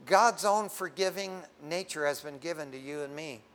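A middle-aged man preaching a sermon, conversational and emphatic, swinging from fervent prayer to hushed tones. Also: on the high side, moderate pace. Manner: conversational, says "man" often. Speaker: pastor.

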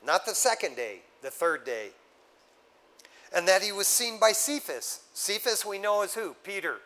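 A male pastor delivers a sermon conversationally, often addressing listeners as "man" and swinging between loud exhortation and low, hushed tones. He's very animated and keeps a measured pace, though the audio is poor.

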